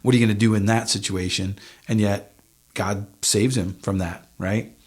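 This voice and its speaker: A man's voice: fairly low pitch, fairly even intonation, moderate pace, husky. A man co-hosting a church podcast in laid-back conversation, chiming in with short reactions and wry jokes. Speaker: podcast co-host. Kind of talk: casual Bible discussion.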